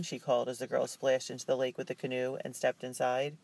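Measured male audiobook narrator. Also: medium pitch, steady tone, darkish tone, no echo.

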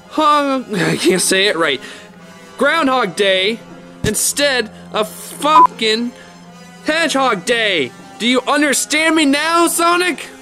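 A man's voice: very high voice, exaggerated voice. A man voicing Mario as a short-tempered plumber who rants and swears when angry. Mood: furious. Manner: exasperated, swearing, ranting. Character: Mario, short-tempered adult male plumber, easily enraged. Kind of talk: toy stop-motion fan skit voice.

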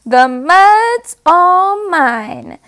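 A woman voicing a playful, boastful farm pig who keeps the mud to himself, in a squealy, excited voice. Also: extremely high pitch, drawn-out words, no room sound, studio quality, pitched above the performer's own voice, heavily acted. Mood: gleeful.

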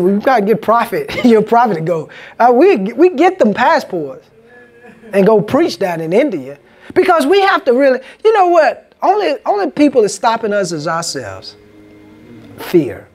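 Lively-pitched pastor preaching a sermon. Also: male voice. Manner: call-and-response, asks congregation "Amen?". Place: church sanctuary.

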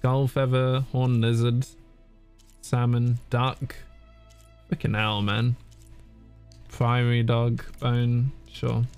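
A man's voice: medium pitch, level tone, slow, pauses often, darkish tone, clean tone, soft background music. A man streaming a video game live, chatting casually with his viewers, swearing and laughing as he plays. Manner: chatty, swearing, laughing, reading chat aloud. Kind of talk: casual gameplay commentary.

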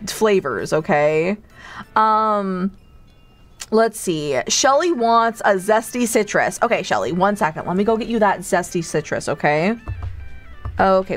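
A woman hosting a playful cafe role-play stream, giggling often and talking sweetly to her viewers. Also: mid-range voice. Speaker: streamer host.

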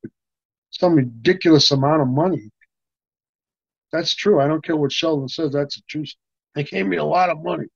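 An older man spins a profane, animated story as an interview guest, starting over and over again mid-sentence. His voice sits a little higher than most men's. The sound is dry and a bit muffled. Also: moderate pace, creaky, pauses often, breathy edge, dry recording. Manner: animated, profane, full of restarts and laughs. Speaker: interview guest, stuntman and actor.

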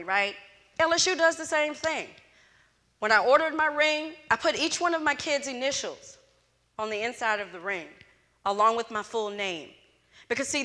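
Bright-voiced woman in an echoey hall. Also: fairly high pitch. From Louisiana, USA. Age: middle-aged. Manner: animated storyteller who acts out dialogue. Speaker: closing speaker at a student event. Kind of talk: motivational storytelling speech. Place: event hall with student audience.

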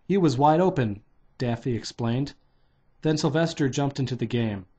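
A man's voice: medium pitch, normal speed, darkish tone, slightly rough. A man reading a children's novelization aloud in a loose, unpolished way, stopping to redo lines. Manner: loose, unpolished delivery with restarts and "take two" retakes. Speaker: reader.

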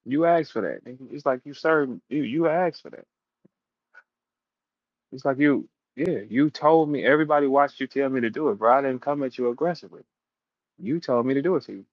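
A man's voice: mid-range voice, fairly quick, no room sound, muffled recording. Profane, taunting man ranting on air. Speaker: battle rap show host. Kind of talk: casual live audio-room rant.

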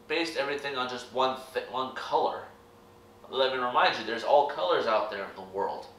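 A man's voice: medium pitch, pushed and bright, a little hiss or hum. A young American man giving a rambling, earnest opinion vlog to his channel's viewers. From United States. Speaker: YouTube reaction vlogger. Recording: echoey room, distant mic.

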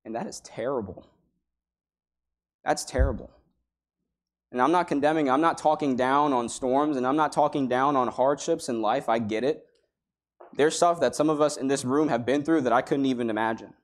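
A man's voice: medium pitch, normal speed, pauses often. A man preaching a sermon in a church, talking in a conversational way and acting out the people he quotes. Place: church sanctuary.

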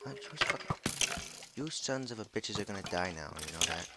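A man giving casual commentary while playing a game, swearing freely, shouting at monsters and muttering to himself. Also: on the low side, very animated, normal speed, long pauses, heavy background noise. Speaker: video host.

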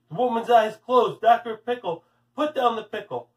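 Teacher guy reading a kids story, kinda high voice, slow, sits back from the mic. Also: far from the mic, dull audio. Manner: friendly, addressing kids. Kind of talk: storybook read-aloud for children.

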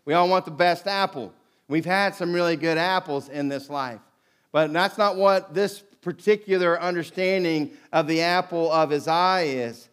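A middle-aged man preaching a sermon, telling a story with lively acted-out voices. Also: high-pitched, clean tone. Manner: storytelling, animated, acts out quoted voices. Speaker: pastor.

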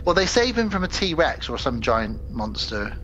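A man co-hosting a casual podcast, telling the story of a film with energy and bits of acted dialogue. His voice sits at an ordinary middle pitch. A faint hiss of noise runs under the recording. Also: moderate pace, highs cut off. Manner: animated storytelling, retelling movie plots with acted quotes. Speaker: podcast co-host. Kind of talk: casual chat.

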